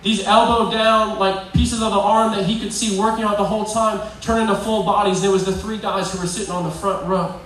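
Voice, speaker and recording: A high-voiced man preaches in a casual, provoking way and keeps asking his listeners questions. He sounds far from the mic, and the hall around him rings with heavy echo. A faint room hum sits underneath. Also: flat delivery, fairly quick, few pauses, a bit bright. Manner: provoking, conversational, asks the crowd questions. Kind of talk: sermon to young people.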